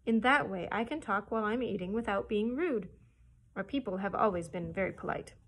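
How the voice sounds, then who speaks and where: A woman's voice: medium pitch, fairly quick, a bit bright, husky. A woman voicing a shy, courteous two-headed creature in a storybook read-aloud. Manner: timid, courteous.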